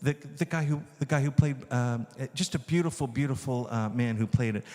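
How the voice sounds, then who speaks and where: A man, a filmmaker, telling animated stories to an audience and acting out the dialogue. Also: mid-range voice, brisk, in a large hall. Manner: enthusiastic, acts out dialogue. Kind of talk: animated storytelling talk.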